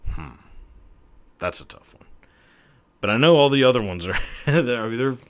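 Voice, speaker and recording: A man's voice: mid-range voice, lively intonation, moderate pace. A young man hosting his own podcast, talking alone in a rambling, profane, self-mocking way, laughing often. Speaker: podcast host. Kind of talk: casual solo podcast monologue.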